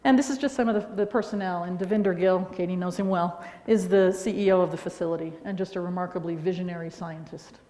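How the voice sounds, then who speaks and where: A middle-aged woman giving a conference talk, telling anecdotes in a lively way and often checking in with "all right?". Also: on the low side, fast talker, few pauses. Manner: animated storytelling with frequent "all right?". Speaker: conference speaker. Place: large lecture hall. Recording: echoey hall reverb.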